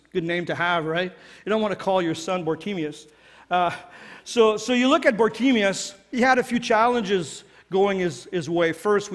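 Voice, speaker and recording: A man with a notably high voice preaches a sermon as pastor. He talks in an earnest, conversational way, often restarting his phrases. His voice rings out with a long church hall reverb. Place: church sanctuary.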